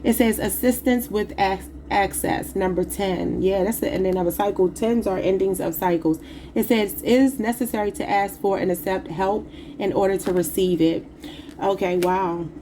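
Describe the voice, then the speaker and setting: In a rough recording with slight background noise, a woman reads tarot casually for her viewers, whom she calls y'all. Her voice is medium-pitched and warm, with fairly even intonation and a moderate pace, and she seems slightly sick and emotional.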